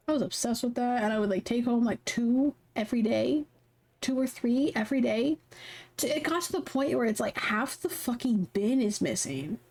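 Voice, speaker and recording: A woman's voice: fairly high pitch, a little mellow. A young woman on a live stream, talking casually and animatedly between lines of a game she reads aloud. She swears freely and rambles through stories. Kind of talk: casual chat while reading a visual novel aloud.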